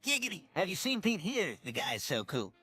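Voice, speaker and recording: A synthetic man's voice playing a smarmy, flattering cartoon neighbor man. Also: high-pitched, moderate pace, breathy edge, soft background music, full character voice.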